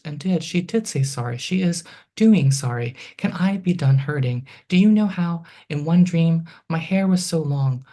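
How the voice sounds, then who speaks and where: A poet in their thirties reads their own work aloud at a steady middle pitch, stepping through long lists and strings of questions line by line. Between poems the voice drops into loose, chatty asides full of ums. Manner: reads lines in a halting, list-like rhythm. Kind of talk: poetry reading.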